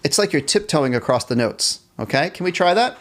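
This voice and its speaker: A man's voice: on the high side, lively intonation, brisk, fairly bright tone, soft background music. A man teaching a live online band class, cheerfully reading chat questions aloud and encouraging students. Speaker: music teacher.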